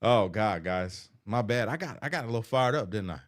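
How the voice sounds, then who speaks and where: A man's voice: lowish voice, lively intonation, fairly quick. A man hosting a live stream, casually reading viewer comments aloud and answering them in a talkative, informal way.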